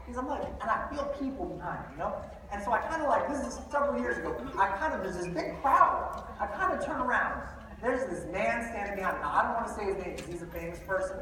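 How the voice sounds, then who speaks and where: Man, motivational speaker, lively comic storyteller, heard from afar in a big echoing hall with an audience. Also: high-pitched, slight background noise. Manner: humorous animated storytelling. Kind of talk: live motivational talk. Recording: echoey hall mic from far off with crowd.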